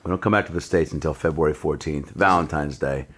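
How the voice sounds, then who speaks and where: A man hosting a podcast, chatting casually with profane, joking, animated storytelling. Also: rumbling low, fast. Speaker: podcast host. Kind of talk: casual chat.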